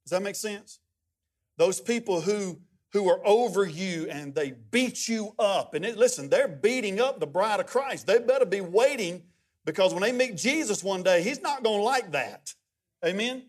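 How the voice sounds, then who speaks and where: Pastor guy preaching, pretty high voice, jokey storyteller, lots of "i mean". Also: moderate pace. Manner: animated, humorous storytelling with many restarts. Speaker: guest pastor. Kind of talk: sermon.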